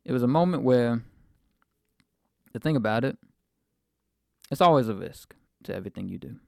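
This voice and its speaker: A man's voice: medium pitch, animated, moderate pace, gravelly, no echo, studio quality. A man of twenty-four hosting a podcast, reflecting at length on a personal faith story in a rambling way, with fillers. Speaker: podcast host.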